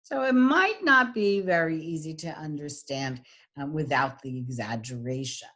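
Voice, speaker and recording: A woman's voice: deep voice, animated, unhurried, pushed and bright. A woman teaching an online lesson on voice qualities, speaking with many ums and exaggerating sounds to demonstrate them. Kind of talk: online lecture with screen share.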